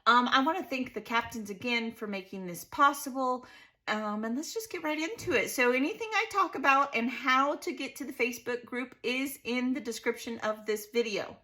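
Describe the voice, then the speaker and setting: A woman's voice: fairly high pitch, lively intonation, normal speed, bright, forceful tone. A middle-aged woman hosting a casual scrapbooking vlog, bubbly and laughing often as she chats and tells stories. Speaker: scrapbooking channel host.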